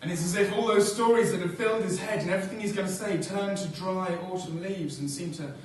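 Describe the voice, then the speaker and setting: A man's voice: sits high, fast, a little hiss or hum. Male storyteller in an echoey theatre. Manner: rhythmic and repetitive, dropping to hushed tones. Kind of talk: live stage storytelling. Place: theatre stage. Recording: echoey theatre from far off, faint ambience.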